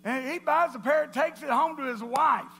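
A man preaching to a church congregation, telling jokes in a playful, animated way. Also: very high voice, normal speed. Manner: playful, animated storytelling with laughter.

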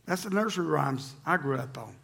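Male pastor, high rough voice, animated church sermon with loud calls to the congregation. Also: a little fast. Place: church sanctuary.

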